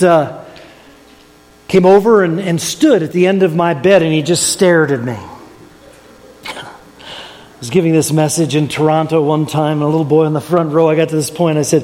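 A man's voice: a little high, steady tone, fast talker, a little mellow. Older man preaching in a reverberant church. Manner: folksy storyteller, chuckles at own jokes. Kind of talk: sermon storytelling. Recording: long hall reverb.

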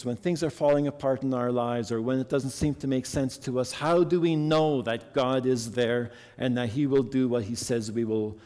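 A man's voice: medium pitch, fairly even intonation, moderate pace, few pauses, a little mellow. A man preaching a sermon earnestly and reading a story to his congregation. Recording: long hall reverb.

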